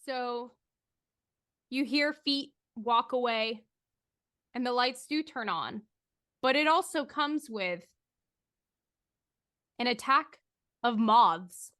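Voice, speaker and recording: A woman with a high voice runs a tabletop horror game as game master. She narrates scenes in a descriptive, suspenseful way. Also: slow, pauses often, a bit bright, smooth.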